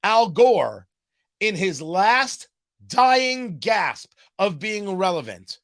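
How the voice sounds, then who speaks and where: A man's voice: sits high, very slow. A man hosting a political talk show, delivering a sarcastic, mocking commentary monologue. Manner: sarcastic, animated, mocking asides.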